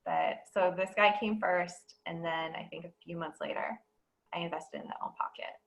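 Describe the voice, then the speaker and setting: A woman speaking as a guest in a casual podcast conversation, bubbly and quick to laugh. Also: lowish voice, fairly even intonation, vocal fry, low-quality recording.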